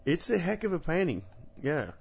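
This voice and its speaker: A man's voice: a little high, big pitch swings, normal speed, gravelly, a little mellow, husky. A man co-hosting a podcast in casual chat, teasing his partner with dry jokes. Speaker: podcast co-host.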